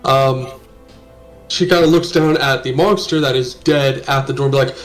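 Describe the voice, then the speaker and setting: A man running a tabletop game as game master, narrating casually with swearing and hesitant pauses. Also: mid-range voice, fairly even intonation, faint music behind. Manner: casual, profane, halting with fillers.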